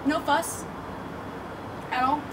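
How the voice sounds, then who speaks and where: A woman acting in a web series who delivers her lines slowly and giggles between blooper takes. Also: sits high, fairly even intonation, distant mic, background noise. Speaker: webseries actor.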